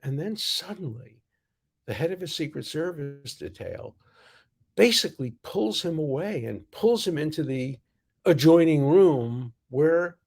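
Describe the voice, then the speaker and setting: An older American man telling personal stories in a casual, halting way, full of fillers and self-corrections. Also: fairly high pitch, animated, gravelly, darkish tone, husky. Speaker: storyteller.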